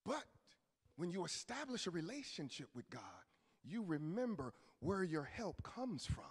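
A male pastor preaching a sermon, moving from low murmurs to shouted peaks, with casual asides and call-and-response to the congregation. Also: very animated, normal speed, breathy edge. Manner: colloquial preaching with church asides. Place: church sanctuary. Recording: long reverb of a church hall.

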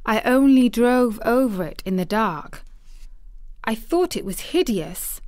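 A woman voicing a stubborn, blunt little girl in a storybook reading, in a slow, dry-sounding delivery. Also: on the high side, sing-song, a little mellow, dry recording, voice pushed up. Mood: eager. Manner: blunt, contrary, eager when describing the moor.

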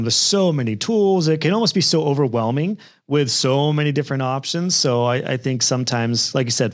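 A man hosting a podcast interview, talking casually and thinking aloud with frequent restarts. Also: medium pitch. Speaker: podcast host.

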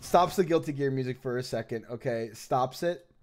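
A man chatting casually on a livestream, excitable and profane, laughing often. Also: medium pitch, normal speed, faint music behind. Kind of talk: casual stream chat.

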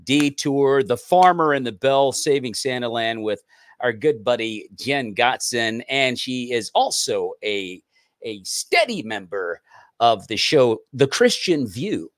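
A man hosts an online talk show in an upbeat, friendly way. His voice sits at an ordinary middle pitch. The sound is dry and close, and he often repeats words as he restarts his sentences. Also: expressive, takes it slowly, no room sound. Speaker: host.

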